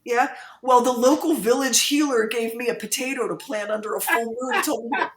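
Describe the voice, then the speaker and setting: A woman's voice: fairly high pitch, a little fast, reverberant, background noise. A woman co-hosting a radio show, joking in a casual chat as she reads listener comments aloud. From United States. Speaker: radio co-host.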